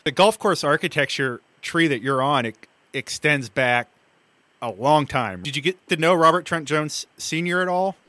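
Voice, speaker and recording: A man's voice: on the high side, normal speed, pushed and bright, dry recording. A man hosting an interview, asking conversational, prompting questions.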